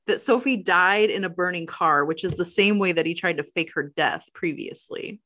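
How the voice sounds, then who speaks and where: A woman's voice: on the low side, moderate pace, pushed and bright. A woman co-hosting a casual chat show, recapping a film, laughing often and acting out the characters' lines. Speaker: podcast co-host.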